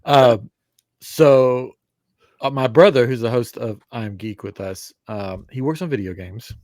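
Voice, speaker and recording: A man's voice: medium pitch, unhurried, dry recording. A man co-hosting a podcast in casual chat, telling stories and acting out what others said. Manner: animated storyteller, acts out quotes. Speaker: podcast co-host.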